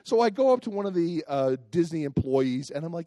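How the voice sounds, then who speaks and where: A man preaching a sermon, telling a personal story in an animated way and acting out the voices of the people in it. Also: on the high side, fairly quick, few pauses, no room sound. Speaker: pastor.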